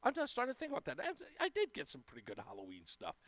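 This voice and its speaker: A man's voice: high-pitched, huge pitch swings, fast talker, a bit bright, dry recording. A man hosting a live radio talk show, chatting casually and effusively thanking donors. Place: radio studio.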